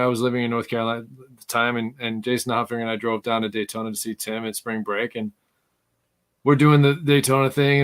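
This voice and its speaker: Man, middle-aged, podcast host, casual storytelling, animated, laughs often, mid-range pitch.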